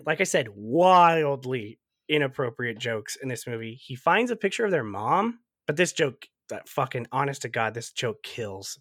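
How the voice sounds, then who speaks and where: A man on a podcast recapping a movie in casual chat, telling it with lively energy, laughing often and swearing freely. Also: mid-range voice, no room sound, studio quality.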